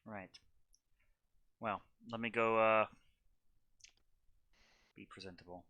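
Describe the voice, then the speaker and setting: A man playing a cold, ruthless character in a tabletop game, speaking slowly in clipped, detached lines. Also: on the low side, steady tone, pushed and bright, dry recording, exaggerated voice. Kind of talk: in-character tabletop role-play.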